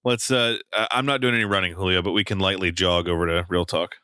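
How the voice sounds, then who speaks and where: A man's voice: low-pitched, fairly even intonation, fast, sharp tone, smooth, no echo, studio quality. A man co-hosting a casual film review podcast, talking with a wry, joking manner. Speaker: podcast co-host.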